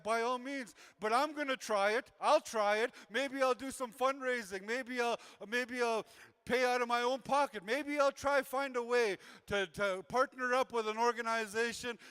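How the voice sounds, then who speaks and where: Youth worker guy giving a heartfelt talk, highish voice, smooth and clear, keeps repeating himself for emphasis. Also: sharp tone. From Canada. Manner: earnest, repetitive, acts out quoted voices. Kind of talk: motivational talk to a gathering.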